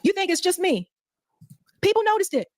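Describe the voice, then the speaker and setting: A woman's voice: very high voice, very animated, normal speed, a little mellow, dry recording, clean studio sound. A woman commentator reacting to a speech clip with incredulous, mocking questions. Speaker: political commentator.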